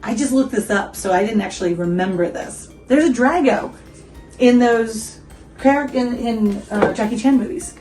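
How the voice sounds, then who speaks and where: Casual, giggly woman host chatting through a coffee review at home, with soft music under her voice. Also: fairly high pitch, moderate pace, rough recording. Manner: chatty and giggly, quizzes viewers, asides to her dog.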